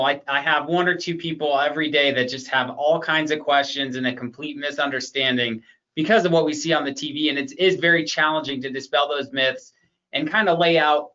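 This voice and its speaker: A man's voice: on the high side, pushed and bright, highs cut off. A man hosting a conversational interview, asking open questions and sounding reassuring. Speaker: interview host, Medicare advisor.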